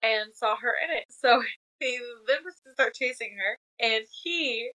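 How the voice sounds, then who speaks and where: A woman co-hosting a casual book discussion, recapping the plot in a relaxed, laughing way. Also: a little high, moderate pace, poor audio. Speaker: podcast co-host.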